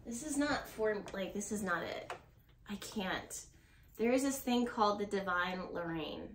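A woman's voice: medium pitch, expressive, unhurried, a little hiss or hum. A woman giving a casual tarot reading to her viewers. She talks in a rambling, blunt way, swears now and then, and laughs nervously. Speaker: tarot reader. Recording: roomy echo.

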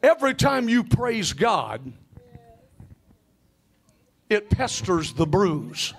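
High-voiced preaching man. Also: big pitch swings, extremely slow, vocal fry, long pauses, slightly rough. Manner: call-and-response preaching, shouting and sing-song phrases. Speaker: pastor. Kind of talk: sermon.

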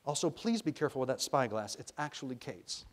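A preoccupied grown man from a storybook, murmuring his words as his attention drifts elsewhere, as an author reading aloud puts him on. His voice sits at an ordinary middle pitch. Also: lively intonation, fairly quick, close to an everyday voice. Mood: distracted. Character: distracted adult man minding a boy.

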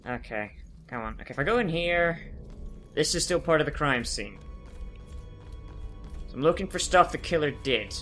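A man's voice: fairly high pitch, lively intonation, moderate pace, pauses often, fairly bright tone, faint music behind. Sarcastic man riffing over gameplay. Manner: sarcastic, joking, swears. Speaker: gameplay commentator. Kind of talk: let's play commentary.

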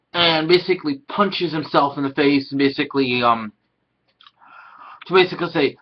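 A man's voice: a little high, moderate pace, dull audio. Man rambling through an anime recap. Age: 30s. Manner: rambling plot retelling, acts out character quotes. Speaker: anime reviewer. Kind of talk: casual episode review.

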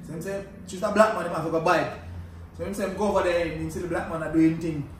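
A man's voice: a little high, steady tone, racing. An older man with a Jamaican accent, telling laid-back stories in patois in a casual chat. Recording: echoey, distant mic with faint background hiss.

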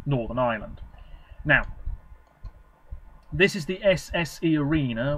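A man's voice: mid-range voice, a bit bright, poor audio. A man vlogging, casually reading from web pages with rambling, offhand commentary and frequent self-corrections.

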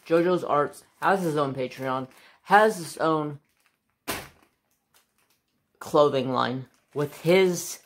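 A woman's voice: sits low, a little hiss or hum. A woman hosting a casual craft-channel unboxing vlog at home. She gushes and exclaims again and again, and talks to her dog between remarks. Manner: gushing, exclaims over and over; chats to her dog while talking.

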